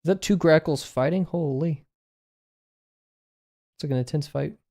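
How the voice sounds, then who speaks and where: A man's voice: fairly high pitch, normal speed, darkish tone. A young man streaming as he draws, chatting casually in a rambling, amused way and often correcting himself. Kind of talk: casual chat while drawing on stream.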